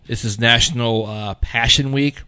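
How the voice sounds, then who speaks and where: A man hosts a relaxed radio chat, reading down a list of observances with plenty of "uh" and "let's see". His voice is bright and forward, and he keeps the talk loose. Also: medium pitch, normal speed, clean tone. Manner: easygoing, reads lists with fillers. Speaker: radio show host. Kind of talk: casual chat.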